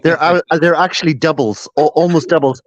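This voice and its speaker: A man's voice: a little high, brisk, no echo, dull audio. A man co-hosting a casual chat, telling wry, teasing stories. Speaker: co-host.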